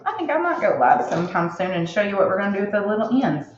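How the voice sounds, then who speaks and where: A woman's voice: medium pitch, very animated, fast, a little hiss or hum. Chatty woman demonstrating a wreath craft. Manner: chatty, rambling, folksy, says "hon" and "right?". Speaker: craft instructor. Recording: echoey room, slightly dull sound.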